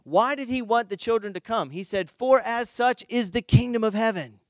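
A middle-aged male pastor with a high voice for a man, preaching in a relaxed, conversational way. He tells humorous stories with lively energy. The sound is close and dry, with no room echo. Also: moderate pace. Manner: animated, humorous storytelling. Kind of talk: conversational sermon with personal story.

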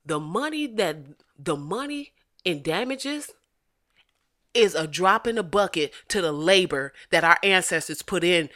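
Woman host. Bright, forceful, profane comic rant with big volume swings. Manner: profane, animated, swings from loud shouting to low asides. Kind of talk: casual comedic rant.

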